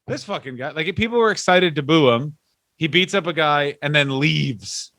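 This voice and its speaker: A man's voice: on the high side, moderate pace, pushed and bright, dry recording. Joking Canadian man, dry close mic. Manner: rambling, jokey, acts out silly voices. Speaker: podcast co-host. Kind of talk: casual comedic chat.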